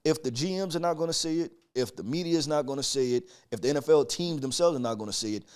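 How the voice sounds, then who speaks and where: A man co-hosting a sports podcast in a casual debate, making emphatic, drawn-out points and swearing casually. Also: on the high side, a little mellow, clear, resonant tone. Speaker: podcast co-host.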